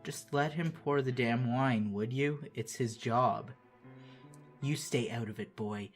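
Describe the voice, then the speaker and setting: A man voicing a harsh, scornful older father in a video game, gruff and contemptuous. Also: mid-range voice, measured pace, soft background music, natural voice.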